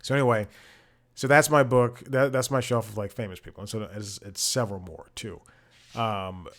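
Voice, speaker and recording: A man's voice: fairly low pitch, normal speed, fairly bright tone. A man hosting a comedy podcast from his home, talking in a rambling, casual way with lots of restarts and exasperated swearing. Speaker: podcast host. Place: home room with bookshelves.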